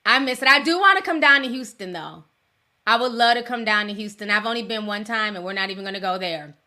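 A woman's voice: medium pitch, animated, quick pace, pushed and bright. A middle-aged woman hosting a casual livestream, chatting with viewers in a slangy way and laughing often. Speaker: livestream host. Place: home in Minnesota.

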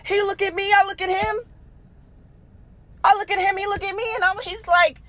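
A woman with a very high-pitched voice hosts a podcast at a moderate pace, telling a story bluntly and casually with plenty of swearing. She's animated and laughs frequently, talking straight to her listeners and calling them "y'all."

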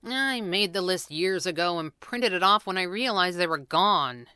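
A woman's voice: lowish voice, animated, moderate pace, bright, forceful tone, clear, resonant tone, dry recording, studio quality. A woman reading a storybook, voicing an indignant young man who protests and sulks. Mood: explaining. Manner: protesting, sulky.

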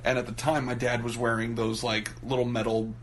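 A man co-hosting a podcast, chatting loosely and swearing as he tells family stories. He often breaks into quick put-on voices for the people in them. A faint hiss of noise sits behind his voice. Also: mid-range voice, flat delivery. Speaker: podcast co-host. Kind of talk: casual chat.

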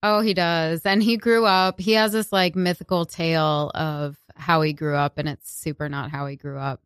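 A woman's voice: sits low, fairly even intonation, normal speed, smooth, dry recording, clean studio sound. A woman guest on a podcast, chatting casually and telling stories full of acted-out quotes and laughter. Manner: chatty storyteller who acts out quoted voices with laughs. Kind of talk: casual chat.

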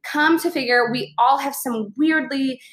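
A young woman from Chicago telling a travel story and giving social tips in a chatty, animated way with lots of fillers. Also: high-pitched, a little slow. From Chicago, USA. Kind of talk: casual storytelling to camera.

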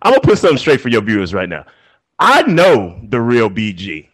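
Combative trash-talking man, lively pitch. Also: brisk, slightly rough, low-quality recording. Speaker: podcast guest answering challenges. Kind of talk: heated casual podcast argument.

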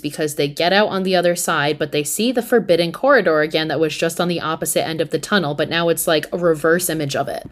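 A woman hosting a podcast, recapping a horror movie in a casual, animated, profane and slangy storytelling manner. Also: sits low. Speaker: podcast host.

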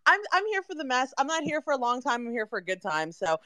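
A woman's voice: high voice, very animated, fast, bright, forceful tone, no room sound. A woman joining an audio chat late, apologetic and gushing with affection. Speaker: guest speaker. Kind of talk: casual chat.

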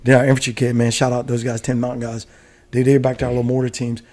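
A retired American Army veteran man telling a war story in casual chat, animated and profane, laughing often. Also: mid-range voice, rapid-fire. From United States.

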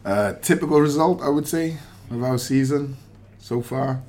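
A man talking as a pundit in a casual podcast chat, measured and reflective with frequent fillers. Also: medium pitch, a little mellow, a little hiss or hum. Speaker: pundit, former footballer.

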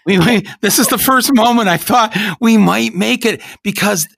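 A man's voice: sits high, gravelly, fairly bright tone, no room sound. Male host in his sixties, casual interview, eager and reflective, dry close recording. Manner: enthusiastic, reflective, halting restarts.

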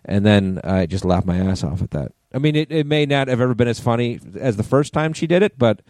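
A man's voice: medium pitch, a little fast, no room sound, clean studio sound. A man co-hosting a podcast in casual, profane, joking chat. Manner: profane, animated storytelling. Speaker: podcast co-host.

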